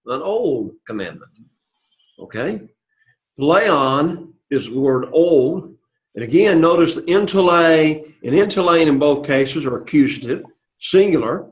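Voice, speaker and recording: A man's voice: fairly high pitch, expressive, a little slow. Patient man teaching Greek class, lo-fi. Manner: patient, checks in with "okay?" and "all right?". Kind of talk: classroom lecture.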